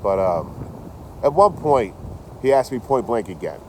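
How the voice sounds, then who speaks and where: Man, low voice, casual livestream chat, animated, profane, outdoor wind noise. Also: a little slow. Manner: animated, swears a lot, talks to chat by name.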